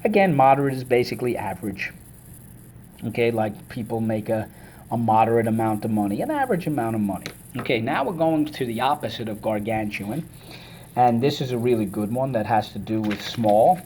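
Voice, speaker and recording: A man teaching a vocabulary lesson, energetic and enthusiastic, leading call-and-response drills and chanting words syllable by syllable. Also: mid-range voice, a little fast, a little hiss or hum.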